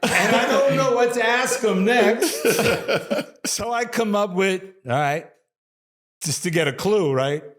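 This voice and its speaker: A man's voice: sits high, measured pace. An older man from New York, a former athletic trainer, telling stories in a casual interview and laughing often between his sentences. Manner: animated storyteller, laughs often mid-sentence.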